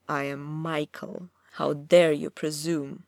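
A woman's voice: low-pitched, level tone, slow, creaky, a little mellow, no room sound, clean studio sound, full character voice. A woman voicing a haughty, furious male archangel in a storybook reading. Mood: outraged. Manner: haughty, thundering.

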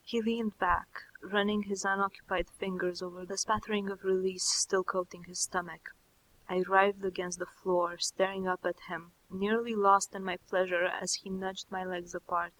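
A woman narrating a first-person story in a soft, slow, intimate reading. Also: mid-range voice, little pitch movement, low-quality recording. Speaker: audiobook narrator.

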